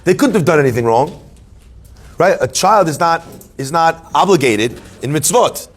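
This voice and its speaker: A man, a rabbi, giving a Torah class to a live audience, animated and joking, telling stories and asking questions. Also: a little high, normal speed. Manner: animated, joking storyteller who asks questions.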